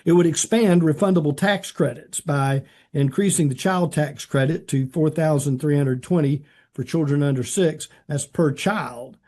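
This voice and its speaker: A man's voice: on the high side, moderate pace, hardly any pauses, darkish tone. A man co-hosting a talk show, explaining policy details in a hesitant way with many fillers. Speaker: podcast co-host. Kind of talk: conversational policy commentary.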